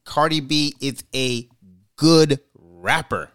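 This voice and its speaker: A man hosting a casual podcast, giving his opinions in a measured way and slowing down to stress his points. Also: on the high side, a bit bright, clear, resonant tone. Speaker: podcast host. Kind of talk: casual chat, opinion commentary.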